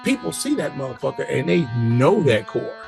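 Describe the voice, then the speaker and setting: A man's voice: mid-range voice, very animated, normal speed, gravelly, a little mellow, soft background music. A man casually telling a story to the camera in loose, profane street talk full of repeated asides.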